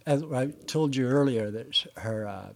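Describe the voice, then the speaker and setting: A man's voice: mid-range voice, measured pace, gravelly, dark tone. Older man telling stories. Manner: laughs often while telling stories, many fillers. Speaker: interviewee. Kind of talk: casual storytelling.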